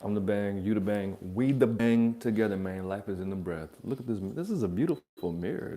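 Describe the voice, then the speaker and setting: A man's voice: fairly low pitch, animated, fairly quick, hardly any pauses, mellow. A man hosting a reaction channel, rambling through blunt, profane, joking advice in a casual monologue from his apartment.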